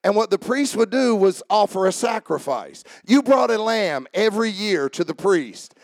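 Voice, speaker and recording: A man preaching a sermon as pastor, building up to shouting and dropping into mock-calm voices for jokes. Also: high voice, moderate pace, no room sound.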